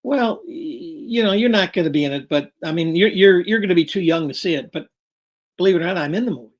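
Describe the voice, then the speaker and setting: A breezy young movie actor brags to a doubting kid with a teasing lilt, as an older man recounts him in a talk show story. The voice sits a shade higher than the storyteller's own and stays light and easygoing. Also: animated, quick pace.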